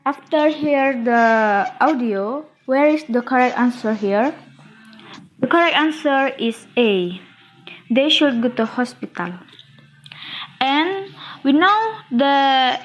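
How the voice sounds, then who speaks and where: A woman's voice: sits high, slight background noise, rough recording. A young woman whose first language is Indonesian, a student presenter explaining a textbook lesson unhurriedly with frequent hesitations. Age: young adult. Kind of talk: reading out a study-guide analysis.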